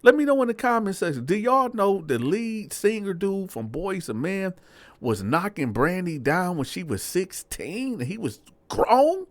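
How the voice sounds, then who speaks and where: Animated man telling a street story. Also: sits high, a little slow, dry recording. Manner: animated, acts out dialogue in voices. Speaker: storyteller host. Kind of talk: casual prison storytelling.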